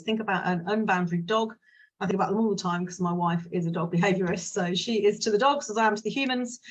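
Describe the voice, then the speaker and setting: A business mindset coach talks casually and frankly to her viewers, chatting away and drifting into side stories. Her voice is on the low side, and the audio sounds dull.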